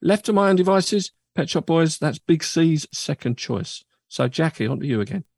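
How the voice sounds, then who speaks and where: A man's voice: fairly high pitch, animated, normal speed, gravelly, a little mellow, husky, no room sound. A man hosting a radio music show, chatting casually and rambling through anecdotes with lots of fillers. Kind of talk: casual chat.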